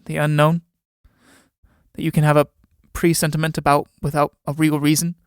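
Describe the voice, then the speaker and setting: A man's voice: a little high, flat delivery, normal speed, clear, resonant tone, no echo, studio quality, close to an everyday voice. A man voicing an ambitious male playwright in a read-aloud play, speaking in a boastful, grandiose way.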